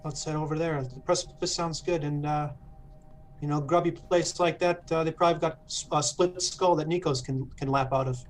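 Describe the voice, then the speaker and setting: A man playing a tabletop game, describing his moves and reading out rules in a steady, matter-of-fact way. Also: fairly high pitch, moderate pace, soft background music. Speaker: player.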